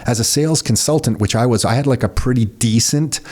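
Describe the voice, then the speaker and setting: Brief: middle-aged man, podcast host, lively storyteller, mid-pitched voice. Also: a little fast. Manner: animated storyteller, acts out quoted dialogue, swears casually. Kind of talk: casual conversational storytelling.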